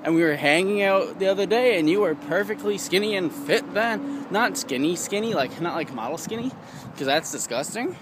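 Lively young man ranting outdoors. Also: normal speed. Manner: rambling, animated, mocks voices with high squeals. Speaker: vlogger. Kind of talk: casual vlog rant. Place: outdoors, walking in town. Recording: outdoor street noise behind.

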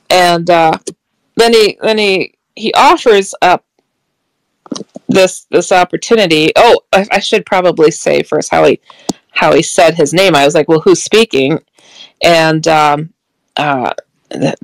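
Woman with a gravelly voice telling a story. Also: on the low side, measured pace, dry recording, poor audio. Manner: animated, quotes dialogue, laughs often, frequent restarts. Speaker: guest recounting a paranormal experience. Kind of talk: casual storytelling.

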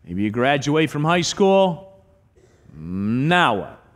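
A man's voice: mid-range voice, takes it slowly. A middle-aged man preaching a sermon as a pastor, telling stories with acted-out quotes. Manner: animated storytelling with acted quotes. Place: church sanctuary. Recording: long church hall reverb.

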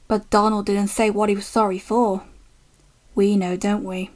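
A woman reading a children's storybook aloud, gentle and unhurried. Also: mid-range voice, level tone.

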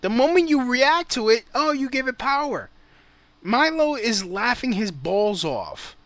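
A man's voice: very high-pitched, sing-song, measured pace, fairly bright tone, dry recording. A man hosting a call-in show, ranting bluntly in casual, profane talk. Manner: heated, blunt, swears a lot.

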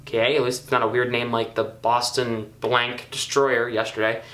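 Excitable young man narrating his gameplay. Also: medium pitch, normal speed, echoey room, faint music behind. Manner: chatty, excitable, self-critical with frequent ums and uhs. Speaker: gaming YouTuber. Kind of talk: casual gameplay commentary.

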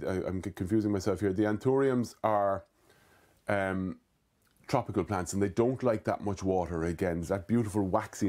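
A man's voice: fairly low pitch, mellow. A man from Cork with an Irish accent, hosting a casual gardening question show and chatting through viewers' queries, often correcting himself mid-sentence. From Ireland. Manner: chatty, self-correcting, with fillers and restarts. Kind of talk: casual live Q&A.

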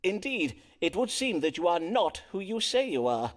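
A pompous Elizabethan physician who reads the stars for his game's patients. He talks in a stately, measured old English cadence, his pitch sitting high for a man and swooping widely from word to word. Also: big pitch swings. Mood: grave. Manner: archaic stately speech, measured. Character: pompous Elizabethan male doctor-astrologer. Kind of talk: game voice acting.

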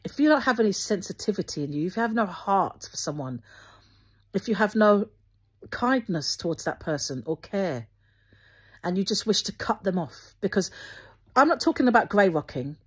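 A woman, speaking earnestly to her viewers with Christian encouragement, gently instructive and often restarting her sentences. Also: medium pitch, lively intonation, normal speed, husky. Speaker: Christian video host.

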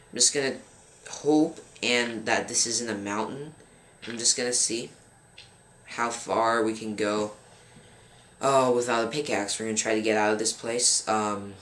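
Slow, rambling young gamer guy. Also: fairly low pitch, fairly bright tone. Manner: frustrated, rambling, fills pauses with um. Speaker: gaming channel host. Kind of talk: casual gameplay commentary. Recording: roomy with faint background noise.

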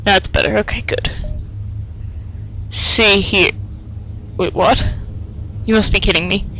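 A man giving let's play commentary, excitable and self-mocking, with sing-song taunts. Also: high voice, slow, a little hiss or hum, poor audio. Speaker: gamer.

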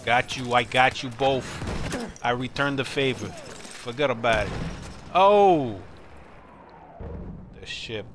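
A man talks through a shooter match live, trading quips and yelping at surprises. Clear gunfire and game noise sit right under his voice. His pitch is ordinary for a man. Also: moderate pace. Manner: wisecracking, repeats a catchphrase, excitable reactions. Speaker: game streamer. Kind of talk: live gameplay commentary. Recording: game audio loud behind voice. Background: loud gunfire and game sounds.

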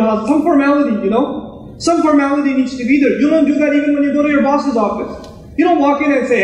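Male preacher, high voice, quick animated storytelling, booming mosque echo. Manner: animated, conversational storytelling, acts out quotes. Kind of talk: Friday sermon. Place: mosque prayer hall. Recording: echoey hall, mic at distance.

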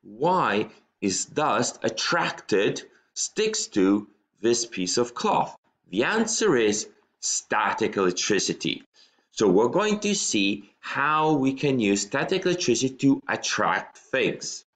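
A man's voice: medium pitch, big pitch swings, takes it slowly, fairly bright tone. A male teacher giving a recorded science lesson from a room at home, explaining step by step in a patient way and often checking in with "okay?".

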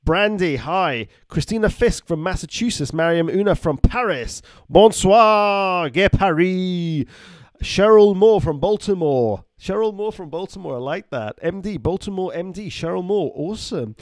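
A man chats casually on a live stream, reading out viewer names and teasing the audience. His voice sits a little high for a man and sounds dry and close, with no room around it. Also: expressive, normal speed, hardly any pauses, a little mellow, no echo. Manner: reads out viewer names and greetings, jokey. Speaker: doctor hosting a live stream.

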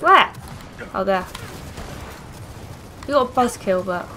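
A woman's voice: medium pitch, animated, takes it slowly, sharp tone, a little hiss or hum. A woman giving casual, sarcastic gameplay commentary as she plays, swearing freely. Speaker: gaming video host.

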